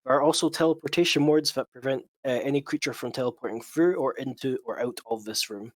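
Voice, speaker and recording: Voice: medium pitch, quick pace, no echo. A game master narrating a tabletop game, explaining rules in an explanatory way with frequent fillers.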